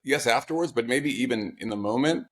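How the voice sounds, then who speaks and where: A man's voice: mid-range voice, fairly quick. A man, the author guest in an interview, telling personal stories in a reflective, conversational way with flashes of wry humor.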